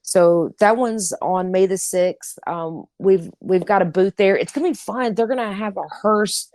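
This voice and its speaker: A woman's voice: mid-range voice, unhurried, a little mellow, no echo. Upbeat female co-host, chatty with many ums, dry close-miked sound. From Nashville, Tennessee. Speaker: podcast co-host. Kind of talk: casual chat.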